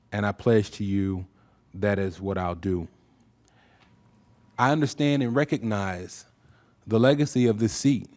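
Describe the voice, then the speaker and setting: A man's voice: on the low side, mellow. A man from Florida speaking as a new county commissioner, giving an earnest, rousing acceptance speech in a commission chamber. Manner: earnest, rousing, pledge-making. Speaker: newly sworn county commissioner.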